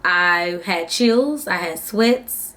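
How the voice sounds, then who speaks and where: A young woman vlogger with a fairly low voice draws out her words as she casually relates a story to viewers. Chatty and animated, she acts out what each person said.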